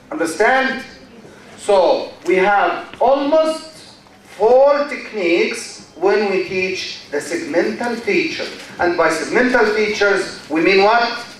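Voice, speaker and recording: A man's voice: high voice, fairly bright tone, slight background noise. A man lecturing a university class, asking the students questions, answering them himself and repeating key phrases. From Egypt. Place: large university lecture hall. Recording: very echoey lecture hall, mic far off.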